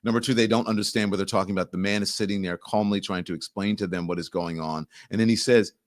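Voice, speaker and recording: A man hosting a show, giving animated, exasperated political commentary over news clips. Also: lowish voice, quick pace. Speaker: show host.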